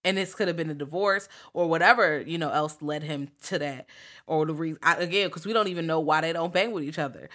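Slangy, lively woman podcast co-host. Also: low voice, brisk. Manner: lively, slangy, quotes characters in raised voices. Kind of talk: casual movie-review chat.

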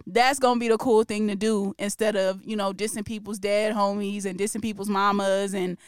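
A woman's voice: mid-range voice, little pitch movement, brisk, clear, resonant tone, no room sound, clean studio sound. A woman hosting a podcast, chatting casually and with strong opinions about music news, laughing often. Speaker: podcast host.

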